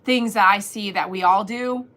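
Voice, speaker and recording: A woman hosting a casual livestream, chatting and reading viewers' comments aloud, animated and laughing often. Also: mid-range voice, moderate pace. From Texas. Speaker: livestream host.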